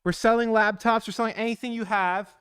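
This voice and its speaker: A man hosting a casual crypto livestream, talking in an energetic, slangy, hyped-up way. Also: high voice, fairly quick, clean tone. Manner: energetic, slangy, hype-driven.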